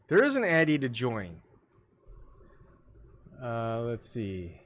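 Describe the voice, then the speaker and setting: A man hosting a solo livestream, muttering his thoughts and asides to himself, often coughing and clearing his throat, on a desktop microphone at home. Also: medium pitch, big pitch swings, drawn-out words, long pauses. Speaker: livestream host. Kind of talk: rambling solo livestream chat.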